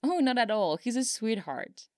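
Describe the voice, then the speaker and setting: A woman voicing an excitable young male pop singer who swears in giddy bursts, in a storybook reading. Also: medium pitch, a little slow, no room sound, studio quality, pitched above the performer's own voice, natural voice. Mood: playful.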